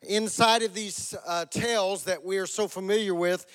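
Joking high-voiced male pastor. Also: steady tone, moderate pace, fairly bright tone, long reverb tail. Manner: conversational, joking, self-deprecating. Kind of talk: sermon.

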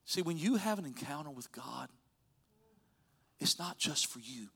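A man preaching a sermon as pastor, telling stories and swinging from loud urging to soft near-whispers. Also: on the high side, animated, a little slow, gravelly, breathy edge.

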